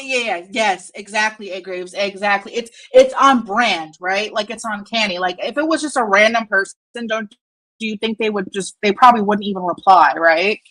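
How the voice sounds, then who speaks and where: This low-quality clip has a woman streaming offhand commentary in a mid-range, fairly bright voice. Swearing freely and speaking bluntly, she rambles, laughs a lot, and gets distracted while juggling tasks on screen.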